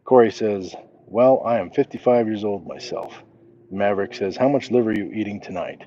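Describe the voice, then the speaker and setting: A man's voice: on the low side, normal speed, mellow, highs cut off, a little hiss or hum. A middle-aged man walking outdoors at night, chatting casually on a livestream and reading viewer comments aloud in a laid-back, chuckling way. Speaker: livestream host. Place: outdoors at night, crickets around.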